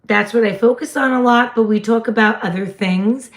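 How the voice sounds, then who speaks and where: A woman, hosting a casual livestream chat in a slightly hoarse voice and laughing often. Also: on the high side, normal speed. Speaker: livestream host.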